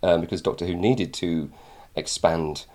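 Very deep-voiced man, rambling chat. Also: a little slow, darkish tone. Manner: rambling, many fillers and restarts, wry anecdotes. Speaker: former book range editor. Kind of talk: casual conversation.

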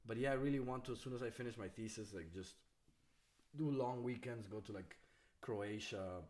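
A man's voice: on the low side, moderate pace, darkish tone. A young man talking casually on a podcast, swearing freely, with lots of fillers and laughter. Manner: loose and profane, laughs often, acts out voices. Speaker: stand-up comedian, podcast guest.

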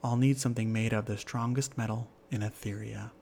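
A man's voice: on the low side, steady tone, fairly quick, vocal fry, a little mellow. A man voicing an impatient young female giant in a storybook tale, speaking bluntly and with determination. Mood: determined.

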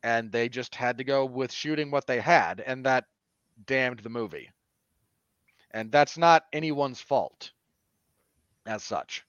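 Animated, opinionated man reviewing films. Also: medium pitch, slow, long pauses, clear, resonant tone, dry recording. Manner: animated and opinionated, with sudden emphatic jumps. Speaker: podcast co-host. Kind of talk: casual film review chat. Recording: dull, dry lo-fi podcast audio.

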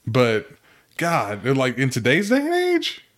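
A man's voice: medium pitch, huge pitch swings, slow pace. A man co-hosting a podcast, talking in a laid-back, drawling way with casual swearing. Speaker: podcast co-host. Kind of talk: casual chat.

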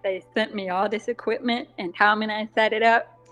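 A woman talks in a relaxed interview, her deaf accent shaping some sounds a little differently. Her voice sits at an ordinary middle pitch, and she chats freely, often laughing at herself. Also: moderate pace, faint music behind. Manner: chatty, laughs often, self-deprecating asides. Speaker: guest author. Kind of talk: casual interview chat.

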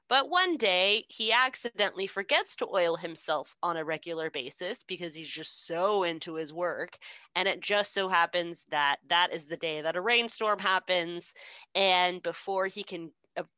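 A woman co-hosting a casual chat, retelling a story with lots of swearing and acting out the characters' voices. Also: no echo. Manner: animated, profane, acts out characters with big pitch jumps. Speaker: podcast co-host.

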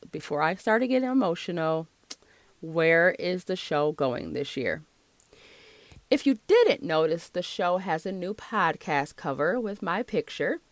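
A woman's voice: medium pitch, no room sound. A woman in her thirties or forties hosting her own solo podcast, talking in a chatty, encouraging way. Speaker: podcast host.

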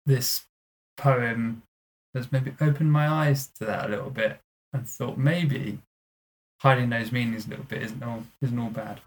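A man's voice: medium pitch, fairly even intonation, a little slow. A man co-hosting a casual podcast, joking and teasing his co-host. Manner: jokey, teasing banter.

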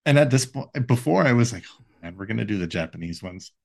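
A man's voice: fairly low pitch, expressive, quick pace, gravelly, darkish tone. A man co-hosting a podcast in casual, playful, rambling chat with many fillers. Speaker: podcast co-host.

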